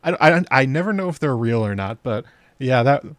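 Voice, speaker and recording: A man's voice: mid-range voice, lively intonation, normal speed, fairly bright tone, no room sound. A man hosting a TV episode breakdown in casual commentary, chatty and sarcastic, laughing at the scenes. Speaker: host of a TV episode breakdown channel.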